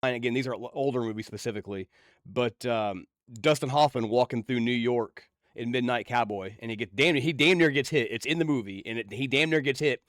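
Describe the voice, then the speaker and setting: A man's voice: mid-range voice, fairly quick, fairly bright tone, no echo, clean studio sound. A man co-hosting a podcast in casual chat, telling stories with animation and laughing often. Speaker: podcast co-host.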